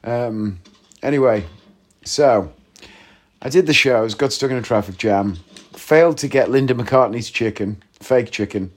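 A man with a mid-range voice talks a little slowly as he hosts a podcast from home. Playing a video game all the while, he keeps the chat casual and jokey, rambling and drifting off topic easily.

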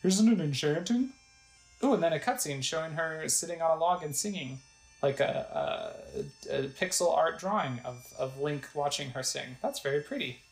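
Brief: casual woman gamer, low voice with a lively lilt, reading on-screen text aloud. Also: normal speed, echoey room, soft background music, poor audio. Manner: chatty, describes the screen and reads the text aloud. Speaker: gamer narrating a let's play. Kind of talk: casual gameplay narration.

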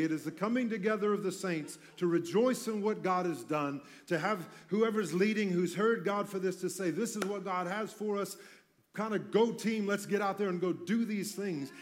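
A man pastor giving a conversational sermon in a church, mixing teaching with self-deprecating jokes. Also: high voice. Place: church sanctuary.

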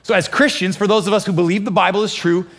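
A pastor preaching a lively sermon, acting out inner voices and quoting scripture with feeling. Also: male voice, high-pitched, fast talker. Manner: animated, acts out inner voices and quotes. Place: church, also streamed online.

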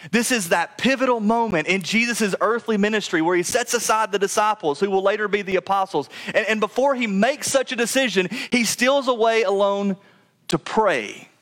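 A man preaching a sermon as pastor, pressing his points with emphasis, then dropping low and soft on key phrases, and sometimes stumbling over repeated words. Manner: repeats words when speeding up.

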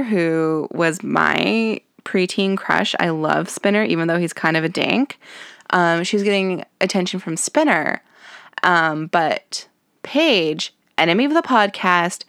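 A woman's voice: creaky, fairly bright tone, clear, resonant tone, no echo, studio quality. Sarcastic young woman podcast host. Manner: sarcastic, frequent "like" fillers, acts out character voices in higher pitch. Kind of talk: casual chat recapping a TV show.

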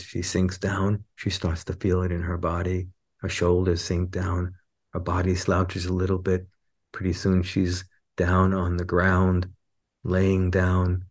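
A man with a lowish voice talks through ideas in a reflective podcast conversation. He is an animated storyteller who jumps his pitch up whenever he acts out what someone else says. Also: measured pace. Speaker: guest teacher.

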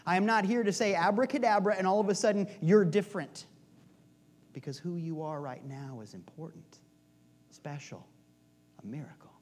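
A man minister voicing a calm male teacher who speaks plainly and earnestly to his followers, in his own high voice. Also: normal speed.

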